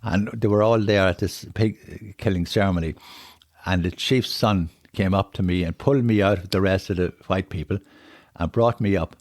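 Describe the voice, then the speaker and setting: Low-pitched and darkish, the voice of this older Irish man moves at a moderate pace in a clean studio recording without room sound. Guesting on a podcast, he rambles through travel stories in a chatty way, repeats himself and the words "on it," and grows emotional when moved.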